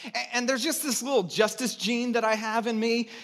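A man's voice: extremely high pitch, steady tone, moderate pace, fairly bright tone. A man in his thirties from California, preaching a sermon as a pastor in a conversational storytelling way with self-mocking humor.

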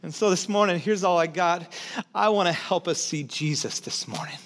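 A pastor with a notably high voice delivers a sermon to his church. He talks candidly and pokes fun at himself, loose and full of filler words. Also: normal speed, a bit bright. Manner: candid, self-deprecating storytelling with many fillers.

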